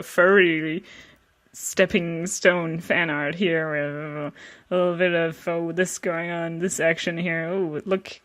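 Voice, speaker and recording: Slow-talking young woman, self-mocking. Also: on the low side. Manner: self-mocking, swears, laughs often, trails off. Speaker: vlogger. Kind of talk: casual commentary reviewing old artwork.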